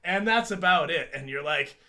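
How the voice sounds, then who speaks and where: Fairly high-pitched and sharp-toned, this thirtysomething man co-hosts a laid-back chat show at normal speed. His intonation is lively as he rambles, cracks jokes and laughs a lot.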